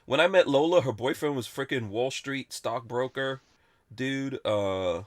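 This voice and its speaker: Blunt, rambling podcast host. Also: male voice, medium pitch, a little slow, no room sound. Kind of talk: casual chat.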